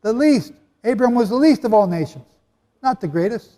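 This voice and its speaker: This man's high, expressive voice has a dark tone and moves at normal speed. He delivers a sermon-style teaching to a live audience in a large hall, speaking emphatically yet conversationally and quizzing his listeners, and the recording carries a long hall reverb.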